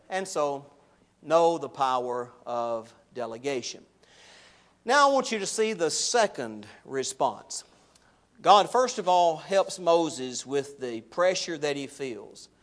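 Preacher guy, high voice, gets loud n high reading the bible verses. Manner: rises loud and high when quoting scripture. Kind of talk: sermon.

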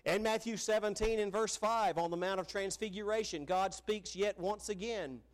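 A middle-aged man preaching a sermon, telling stories earnestly and dropping soft on key phrases. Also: high-pitched, normal speed.

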